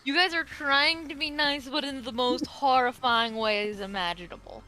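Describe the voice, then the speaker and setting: A woman's voice: sits high, moderate pace, pushed and bright, poor audio. A woman playing a tabletop game, making dry, sardonic remarks. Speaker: player. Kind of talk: casual tabletop play.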